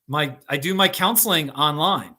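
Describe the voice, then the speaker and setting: A middle-aged American man hosts a casual livestream from Colorado, reading comments and chatting with viewers by name while laughing often. His voice is a little high, bright and forceful, at a moderate pace.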